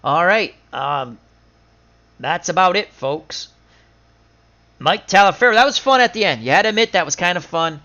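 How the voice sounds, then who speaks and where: A man's voice: high voice, animated, sharp tone. Chatty man recapping a game. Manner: chatty, recaps stats in quick lists, laughs at his own losses. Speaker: game streamer. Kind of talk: casual stream commentary. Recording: dull lo-fi sound.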